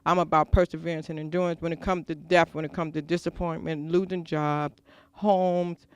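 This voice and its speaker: A woman's voice: low-pitched, little pitch movement, normal speed, a little mellow, smooth. A woman on a talk show panel giving an earnest, faith-filled testimony with emphatic phrasing. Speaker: panel guest. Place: school venue.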